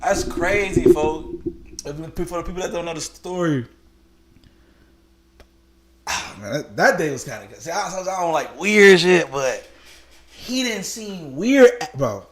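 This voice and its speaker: A man's voice: a little high, measured pace, long pauses. A young man streaming, telling a story to his viewers in casual street slang and laughing often. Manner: animated, laughs a lot, slangy street talk.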